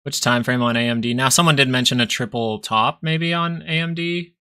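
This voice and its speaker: Bright-voiced man talking through charts. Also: mid-range voice, steady tone, a little fast, clean tone. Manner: casual, thinks aloud while reading charts. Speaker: stock market livestream host. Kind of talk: live chart analysis commentary.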